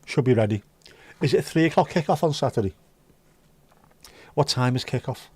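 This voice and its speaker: A man's voice: medium pitch, expressive, moderate pace, a little mellow, breathy edge, no echo. A man hosting a casual livestream, chatting with viewers in sweary, joking banter. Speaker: livestream host reading chat. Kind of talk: casual chat.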